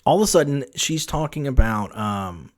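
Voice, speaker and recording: A man at a mid pitch hosts a solo podcast, spinning a casual story. He rambles, restarts his sentences and leans on filler words as he goes. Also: normal speed. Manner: rambling, full of "like" and "you know", many restarts, animated. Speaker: podcast host.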